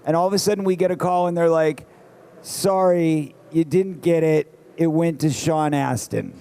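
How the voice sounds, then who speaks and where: A man telling stories on a convention panel stage, lively and breaking into shouts. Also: fairly high pitch, moderate pace, creaky, clear, resonant tone. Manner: animated storyteller, bursts into shouts. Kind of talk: casual panel chat.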